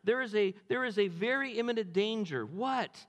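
A male pastor tells a story from the pulpit and keeps turning it into rhetorical questions. His voice sits a little high for a man. It rings through a church with a long reverb. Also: animated, normal speed, fairly bright tone. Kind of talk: sermon.

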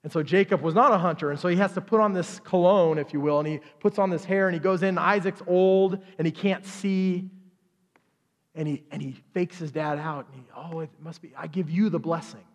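In a church sanctuary, a male pastor with a high voice preaches a sermon, retelling the story with lively asides. He briefly acts out each character in quick voices, and the recording has a long reverb tail.

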